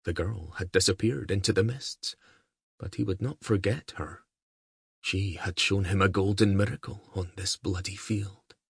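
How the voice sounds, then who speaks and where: A man narrating an audiobook in a calm, even storytelling manner. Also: sits low, a little slow, creaky, husky, dry recording, studio quality.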